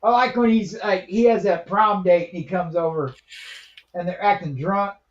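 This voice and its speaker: A man's voice: high-pitched, normal speed, highs cut off. A man chatting casually on a live show, easygoing and retelling movie scenes. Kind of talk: casual chat.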